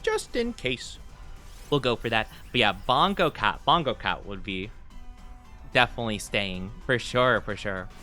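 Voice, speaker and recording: While playing a game on a livestream, a man chats casually with his viewers, rambling and using lots of fillers. His fairly low voice is bright and forceful at normal speed, with soft music in the background.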